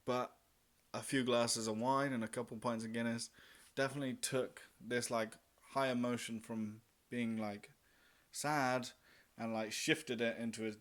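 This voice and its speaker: A young man vlogs about traveling solo, telling a story in a casual, chatty way while swearing freely and acting out his own remarks. His voice is mid-range.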